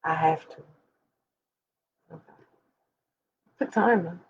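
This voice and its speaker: A woman's voice: fairly low pitch, slow, breathy edge, highs cut off. A woman of forty talking candidly and emphatically to her viewers, speaking straight to them like a preacher. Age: 40s. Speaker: host. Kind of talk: candid personal talk to viewers.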